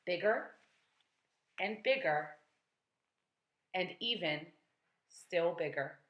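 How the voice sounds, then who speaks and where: A woman teacher reading a children's book aloud with lively, expressive storytelling. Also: lowish voice, very slow, dull audio. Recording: roomy echo.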